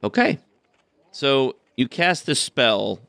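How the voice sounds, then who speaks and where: A man's voice: medium pitch, expressive, slow pace, vocal fry, bright, forceful tone. A man narrating a tabletop role-playing game as game master, telling the story steadily and chuckling often.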